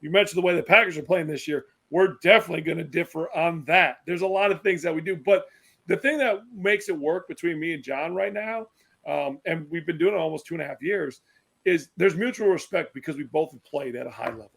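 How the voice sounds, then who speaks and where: A man from Wisconsin, a former basketball player, chatting as a podcast guest in an animated, emphatic way. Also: fairly high pitch, brisk, creaky. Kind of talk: casual podcast chat.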